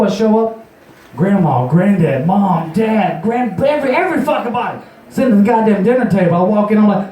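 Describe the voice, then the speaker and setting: In a bar or juke joint, a young open-mic storyteller rambles through a profane tale, laughing and voicing quotes in a higher pitch. He's animated and fairly quick, with a warm tone. Captured from afar in an echoey space, the audio has a bit of hiss or hum.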